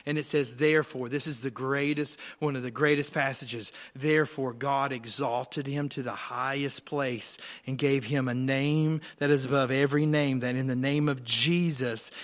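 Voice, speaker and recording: A man preaching a sermon as a pastor, passionate, swinging between loud declarations and quiet asides. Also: mid-range voice. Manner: passionate preaching, rising and falling in volume, quick asides. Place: church sanctuary.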